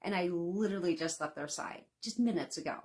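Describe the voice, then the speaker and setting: A woman in her thirties, a home baking instructor, talks casually and folksily to her class from home during a live session, full of fillers and laughs. Her voice is fairly low, a little mellow, and a little fast.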